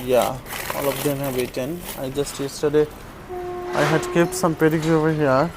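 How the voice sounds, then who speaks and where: High-voiced man narrating a dog vlog. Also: level tone, normal speed, noisy background. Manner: talks softly and tenderly to dogs. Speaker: vlogger caring for stray dogs. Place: outdoors, on a terrace.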